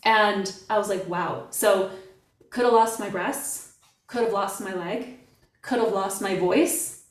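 A woman's voice: mid-range voice, slow pace. Middle-aged woman, chatty guest, playful storyteller, roomy off-mic sound. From Canada. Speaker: podcast guest. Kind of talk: casual podcast conversation. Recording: echoey and distant from the mic.

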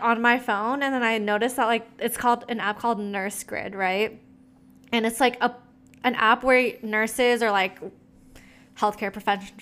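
A young woman with a bright, clear voice tells a long personal story. She talks in a loose, gossipy way, full of fillers and swearing, as if chatting with a friend. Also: a little high. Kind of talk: casual chat.

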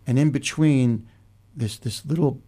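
Speaking at a measured pace in a mellow, mid-range voice, an older man hosts a casual talk show. As podcast host, he drifts through a reflective story, restarting many times.

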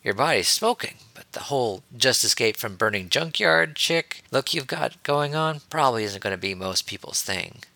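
Man reading as a cheeky blunt young wizard, dismissive, bright forceful voice, dry sound. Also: medium pitch, animated, moderate pace, gravelly, few pauses, no room sound, pitched above the performer's own voice. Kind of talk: audiobook reading.

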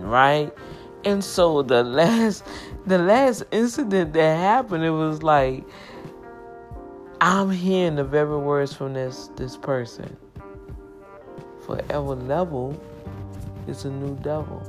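A woman's voice: low-pitched, takes it slowly, long pauses, soft background music. A woman sharing an emotional personal testimony, with impassioned, emphatic, repetitive storytelling.

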